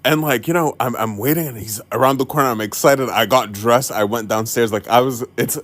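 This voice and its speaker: A young man telling a funny story-time tale, animated, laughing often and swearing casually. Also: mid-range voice, fairly quick, no room sound. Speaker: TikTok storyteller.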